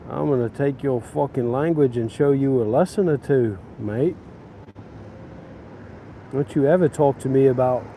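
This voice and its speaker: A man's voice: mid-range voice, creaky, warm tone, low-quality recording. A man playing a drunk, foul-mouthed, belligerent bloke who speaks, slurring and rambling out in the street. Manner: slurred, swearing, rambling threats. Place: street outdoors. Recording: outdoor street traffic noise.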